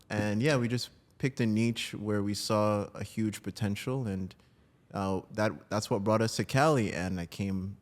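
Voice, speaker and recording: A man from New Jersey, a breathwork practitioner, talking as a guest in a casual interview, animated and quick to laugh. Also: lowish voice. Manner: animated, laughs easily, trails into quiet asides.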